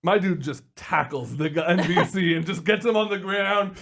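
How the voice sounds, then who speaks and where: A man's voice: sits high, normal speed, vocal fry, fairly bright tone. A man co-hosting a podcast, telling a rambling story in casual chat with many fillers. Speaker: podcast co-host.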